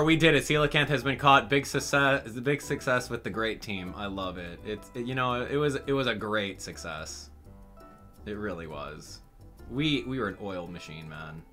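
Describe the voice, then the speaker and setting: A man hosting a gaming channel, talking straight to his viewers in an exasperated, animated way during live game commentary. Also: medium pitch.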